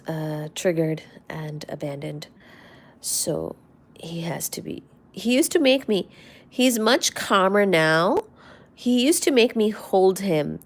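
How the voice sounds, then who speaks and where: A slow, gravelly woman with a lowish voice chats softly as a livestream host. Affectionate and rambling, she talks casually about her cats, often dropping to a near-whisper.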